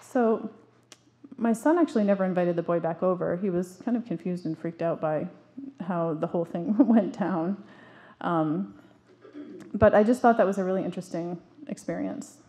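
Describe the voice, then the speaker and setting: A woman's voice: on the low side, moderate pace, mellow. A woman in her forties giving an earnest, emphatic talk to an audience, telling stories from her own life with frequent restarts. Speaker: parenting speaker.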